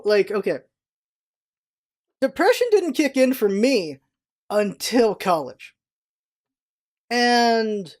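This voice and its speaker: A vlogger in their thirties talking casually and at length, meandering from one thought to the next with frequent restarts. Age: 30s. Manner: chatty and meandering, with frequent restarts and jumps in pitch. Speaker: vlog host. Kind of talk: casual rambling vlog talk.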